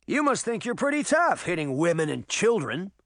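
A man's voice: high-pitched, big pitch swings, normal speed, fairly bright tone, no room sound, studio quality, pitched above the performer's own voice, exaggerated voice. A man voicing a cocky, wisecracking uncle who mocks his opponent. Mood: taunting. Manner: wisecracking, taunting. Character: cocky, mocking adult uncle.

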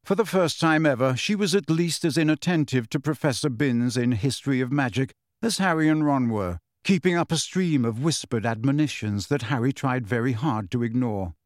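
A man reading a novel aloud in measured, even audiobook narration. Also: medium pitch, no room sound, studio quality.

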